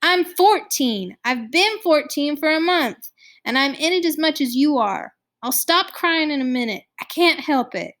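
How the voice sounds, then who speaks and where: A woman's voice: a little high, steady tone, measured pace. A woman voicing an emotional, insistent fourteen-year-old boy. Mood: upset.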